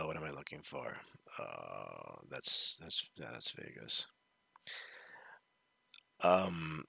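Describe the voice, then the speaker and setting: A man with a low, gravelly voice chats casually to his viewers as a video host. His tone is bright and forward but a little husky. The sound is dry and close, with no room echo. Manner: chatty, addresses viewers directly, sometimes drops to a whisper. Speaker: video host reacting to a web series. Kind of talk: casual reaction commentary.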